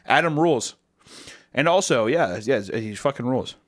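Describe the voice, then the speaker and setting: A young man streamer answering chat questions in casual, crude, jokey talk, jumping from loud bursts to low mumbles. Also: expressive, moderate pace, no room sound, studio quality.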